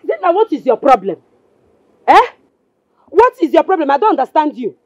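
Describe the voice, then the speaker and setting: An actress playing a scornful, jealous wife with a Nigerian accent, mocking and dismissive. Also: female voice, high voice, sing-song, moderate pace, dry recording, lo-fi sound. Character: scornful jealous wife, sharp-tongued, suspicious. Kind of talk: Nollywood film acting.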